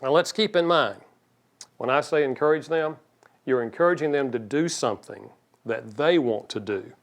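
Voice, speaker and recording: A man's voice: medium pitch, normal speed. A man giving a seminar talk on marriage, folksy, with joking asides, who acts out quoted spouses.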